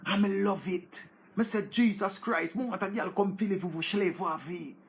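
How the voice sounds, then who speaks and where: A Jamaican man talking loosely as a show host. His voice sits fairly high and carries a gravelly rasp. He gets excitable, repeating words and crying out. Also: normal speed. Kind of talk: casual commentary in Patois-laced English.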